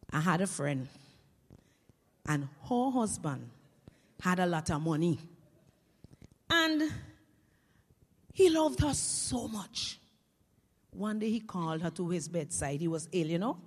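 A woman with a Caribbean Creole accent telling comic stories to an audience in a lively, chatty way, heard with long hall reverb. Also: fairly low pitch, takes it slowly, long pauses. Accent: Caribbean English Creole. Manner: lively, chatty, swings between voices. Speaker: storyteller.

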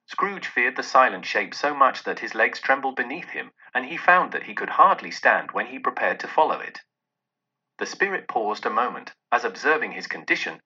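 A man's voice: medium pitch, normal speed, slightly rough. A man giving a dramatic, theatrical storybook narration on a dull lo-fi recording. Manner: theatrical, expressive.

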